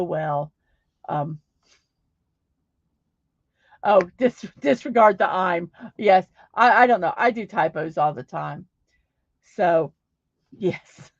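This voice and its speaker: A woman's voice: medium pitch, no echo. Woman rambling on her morning stream, dry lo-fi mic. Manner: rambling, warm thanks, frequent restarts. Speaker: livestream host. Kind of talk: casual livestream chat, reading chat aloud. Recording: dry, slightly dull livestream audio.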